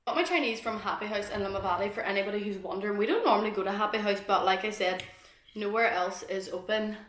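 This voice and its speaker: A woman's voice: mid-range voice, fairly even intonation, quick pace, fairly bright tone, reverberant. A young woman with a Northern Irish accent, chatting casually to camera while eating. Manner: chatty, rambling, eating between sentences. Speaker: vlogger.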